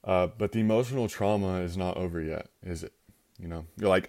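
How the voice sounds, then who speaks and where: A man's voice: deep voice, a little fast, darkish tone. A man giving an informal Christian teaching talk, conversational and acting out little scenarios with quoted voices.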